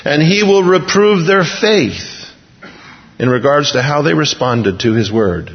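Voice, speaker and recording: A man preaching a sermon, retelling scripture in a lively, jokey way and acting out the dialogue in little voices. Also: fairly high pitch, unhurried. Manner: animated, jokey, voices the characters in scenes. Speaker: pastor. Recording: dull sound with long hall reverb.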